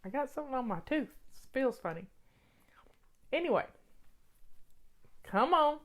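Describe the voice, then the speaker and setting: A woman's voice: high-pitched, lively intonation, measured pace. An older woman with a Southern American accent, hosting a casual, folksy live chat in a chatty, rambling way. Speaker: host.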